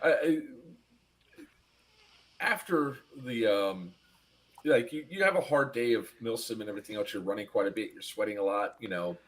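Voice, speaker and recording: A man's voice: on the low side, normal speed, pauses often. A man hosting a casual live stream, telling a story with lots of laughing and acted-out voices. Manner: animated, laughing, acts out voices in anecdotes. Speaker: podcast host.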